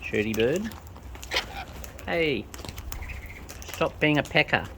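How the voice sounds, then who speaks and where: A woman's voice: low-pitched, animated, slow pace. A woman talking to wild birds in a coaxing, sing-song baby-talk manner while feeding them outdoors. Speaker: bird feeder vlogger. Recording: outdoor noise with bird sounds.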